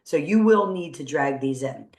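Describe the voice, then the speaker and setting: A woman's voice: sits low, animated, moderate pace. A woman teacher walking students through a coding tutorial on screen, upbeat and encouraging as she thinks aloud. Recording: roomy echo.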